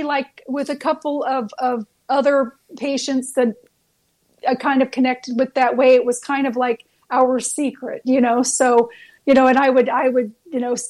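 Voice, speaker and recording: As a storytelling guest on a talk show, a woman who works as a nurse earnestly shares heartfelt stories, with frequent fillers and restarts. Her voice sits high and sounds a little mellow.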